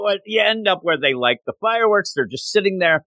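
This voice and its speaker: A man casually recapping a manga chapter with a co-host, rambling and quickly acting out the characters' lines. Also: fairly high pitch, huge pitch swings, sharp tone, dry recording.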